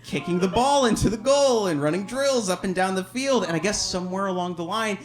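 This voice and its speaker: A man from Alabama tells a true story from a stage in a wry, self-deprecating way. His voice sits a bit higher than most men's, and he chuckles through his own punchlines. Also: expressive, a little fast, soft background music. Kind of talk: live personal storytelling. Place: theater stage.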